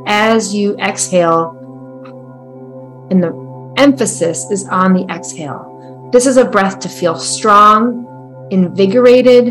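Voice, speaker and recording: Calm woman guiding breathwork over music. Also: mid-range voice. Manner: calm, soft, unhurried instruction. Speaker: breathwork guide. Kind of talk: guided breathwork meditation.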